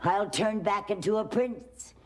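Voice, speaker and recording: A woman's voice: mid-range voice, a little slow, a little mellow, natural voice. A grandmother in a sitcom voicing a prim, theatrical young prince turned into a frog, with studio audience laughter behind.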